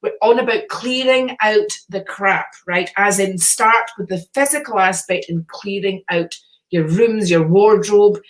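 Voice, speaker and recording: A woman's voice: medium pitch, a little slow. A middle-aged woman hosting a casual live stream, reading out viewer comments, chatty and encouraging and swearing casually.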